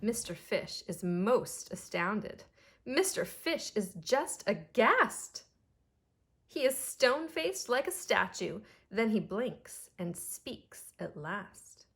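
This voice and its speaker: Woman, preschool teacher, storybook read-aloud, slow, expressive. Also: medium pitch. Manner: slow, expressive, child-directed. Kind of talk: reading a picture book aloud to children.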